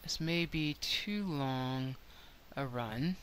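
A woman's voice: low-pitched, a little slow, pushed and bright, a little hiss or hum. An older woman hosting a game video, thinking aloud in a chatty, self-deprecating way as she plays. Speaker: let's play host. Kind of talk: gameplay commentary.

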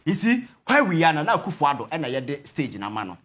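A man's voice: on the high side, huge pitch swings, quick pace, a bit bright. A Ghanaian man giving heated political commentary on a talk show, emphatic and repeating his points, mixing in Twi phrases.

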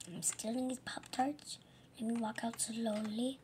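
A woman's voice: fairly high pitch, a little slow, dark tone, a little hiss or hum. A woman muttering to herself while sneaking around in a game role-play. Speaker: gamer.

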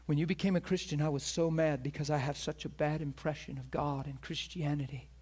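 A man's voice: on the high side, steady tone, fairly quick, a little mellow, husky. A middle-aged man preaching a sermon as a pastor, telling a personal story earnestly and acting out the voices of the people in it.

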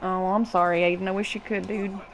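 A woman's voice: medium pitch, level tone, fairly quick, slight background noise, low-quality recording. A woman in her twenties with a Kentucky accent, chatting casually and cussing freely while streaming a game and greeting viewers. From Kentucky, USA. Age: 20s. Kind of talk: casual gaming stream chat.

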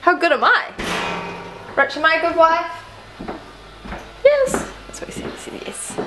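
A woman's voice: very high voice, very animated, measured pace. A woman chatting casually in a family vlog, playful, cooing at her pets. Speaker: vlogger. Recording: home camera with clear background noise.

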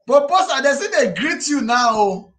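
A man's voice: extremely high pitch, moderate pace. A man with a Nigerian Pidgin English accent hosting a casual live stream, teasing viewers and reading out their comments. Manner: animated, teasing, reads viewer comments aloud. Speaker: YouTube live stream host.

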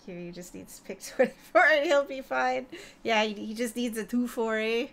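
A woman's voice: on the high side, normal speed, gravelly, fairly bright tone. A woman, chatting and joking as she streams a video game. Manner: joking, chatty, reacting aloud. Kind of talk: casual gaming commentary.

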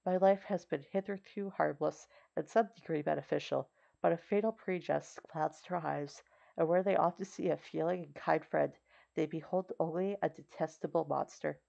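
A woman's voice: deep voice, steady tone, normal speed, creaky, warm tone. A woman reading the lines of a lonely male creature built by man, in an earnest, formal and imploring manner. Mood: pleading. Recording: slightly dull recording.

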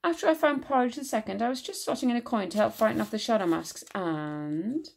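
A woman doing an excitable young boy, Siddy. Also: fairly high pitch, brisk, creaky. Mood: excited. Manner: eager, insistent, dialect speech.

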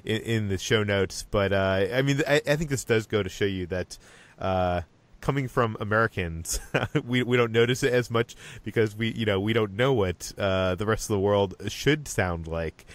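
A man from Boston hosting a podcast, chatting casually and reading listener mail with lots of fillers and restarts. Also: on the low side. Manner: halting, many fillers and restarts. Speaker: podcast host.

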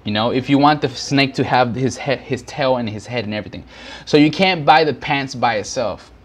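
A man's voice: medium pitch, brisk. A man from Houston, Texas, explaining business basics to his viewers in a loose, rambling way, full of fillers and restarts, often calling them guys. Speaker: business vlogger. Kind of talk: casual teaching monologue. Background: background noise.

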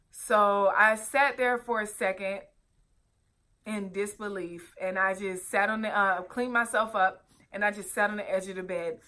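A young woman vlogger with a pushed, bright mid-range voice earnestly tells the story of a personal ordeal. Along the way she makes direct asides to the people watching.

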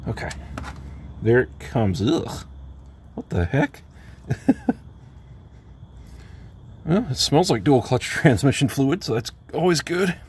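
A man's voice: mid-range voice, very animated, slow, long pauses, a little mellow, a little hiss or hum. A man giving casual, matter-of-fact step-by-step instructions for a home car repair, with plain talk and wry asides. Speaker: DIY car repair vlogger. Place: home driveway, working under a car.

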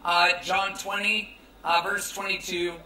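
A man's voice: high-pitched, flat delivery, slow pace, pushed and bright, echoey room, far from the mic, slight background noise, low-quality recording. A young American man preaching a youth sermon in a casual, joking, conversational way. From United States. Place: large tent at a campground.

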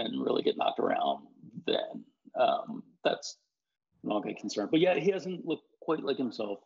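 A male sports reporter chats casually about baseball at a medium pitch. He stops and restarts often and fills gaps with "um" and "you know". The audio sounds a little dull. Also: a little mellow, breathy edge. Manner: halting, many fillers and restarts.

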